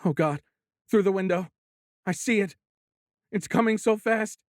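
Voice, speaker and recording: A woman's voice: medium pitch, measured pace, dry recording, studio quality, pitched above the performer's own voice, natural voice. A man voicing a frightened office aide, a woman speaking through tears. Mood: tearful terror. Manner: tearful, frightened. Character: terrified young female office aide.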